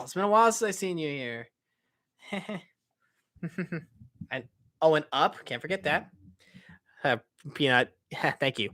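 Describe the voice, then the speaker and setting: Young man, live-stream host, casual Q&A, rambling, upbeat, bright tone. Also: on the high side, expressive, measured pace, pauses often. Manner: rambling, upbeat, frequent fillers and self-corrections. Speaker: channel host answering live chat questions.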